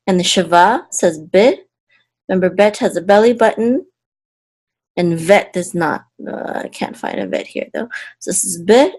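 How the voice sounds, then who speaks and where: A woman teaching a lesson, slowly sounding out syllables and words, casual, with fillers and self-corrections. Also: lowish voice, darkish tone. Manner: slow deliberate sounding-out of syllables. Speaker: Hebrew teacher. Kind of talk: patient step-by-step lesson.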